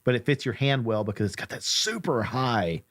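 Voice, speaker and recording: A man's voice: medium pitch, expressive, moderate pace, fairly bright tone, dry recording, clean studio sound. A man hosting a podcast, chatty and joking in a self-deprecating way. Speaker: podcast host. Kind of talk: casual podcast chat.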